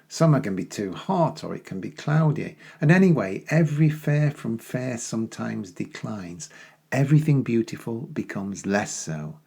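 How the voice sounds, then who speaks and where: A man giving a poetry lesson, explaining in a measured way and slowing down to recite verse. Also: on the low side, gravelly, darkish tone, husky. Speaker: teacher.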